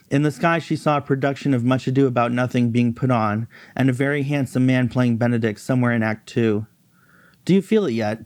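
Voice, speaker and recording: A man's voice: a little mellow, dry recording. A man reading his novel aloud, raising his voice for characters' lines. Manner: pitches voice up for the female characters' lines.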